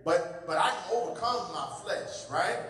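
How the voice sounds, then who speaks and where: High-pitched preacher man in a hall. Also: lively intonation, measured pace. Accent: American. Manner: call-and-response preaching, swinging between shouts and low asides. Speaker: pastor. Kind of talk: sermon. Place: large church sanctuary. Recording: echoey hall from far off.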